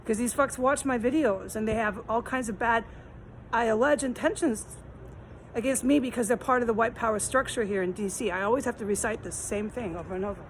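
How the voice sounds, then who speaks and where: A woman's voice: a little high, a little fast, slight background noise, rough recording. Rambling, aggrieved woman on a street. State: hot and muggy, tired. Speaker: vlogger. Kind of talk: rambling walk-and-talk vlog. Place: outdoors on a city street corner.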